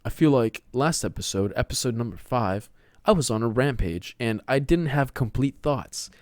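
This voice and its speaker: A young man from Texas rambles through a solo podcast in his room, sprinkling "dude" and "man" through every thought. His voice sits at a middle pitch, and the recording is close and dry with almost no room sound. He sometimes drifts into a theatrical put-on voice. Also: expressive, moderate pace, a little mellow, no room sound. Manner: rambling, slangy, keeps saying dude and man; slips into a put-on showy voice. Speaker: podcast host. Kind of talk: solo casual monologue.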